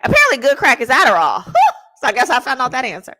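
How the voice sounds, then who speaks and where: A woman attorney hosting a show, telling stories in a casual, slangy, animated way with laughing asides. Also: a little high, fairly quick, pauses often. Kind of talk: casual storytelling chat.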